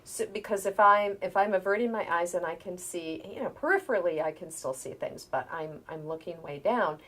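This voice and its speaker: A middle-aged woman, a healer, explaining things calmly in a conversational interview, sometimes dropping to a near-whisper. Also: on the low side, brisk.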